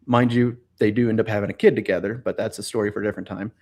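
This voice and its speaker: A man with a lowish voice retells a story as a guest on a live stream. He talks casually and hesitantly, filling pauses with ums and you-knows. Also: fairly even intonation, a little mellow. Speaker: guest expert.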